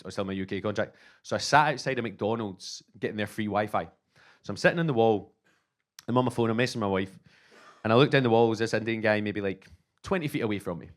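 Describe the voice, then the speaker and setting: A Scottish man in his thirties tells a stand-up story, voice sitting on the low side. He is animated and self-mocking, slipping in and out of the people he describes. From Scotland. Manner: animated, self-mocking, acts out both sides of dialogue. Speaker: stand-up comedian.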